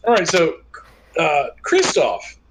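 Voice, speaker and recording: A man narrating as game master of a tabletop game, in a relaxed way with many fillers and restarts. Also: a little high, slow, slight background noise, poor audio.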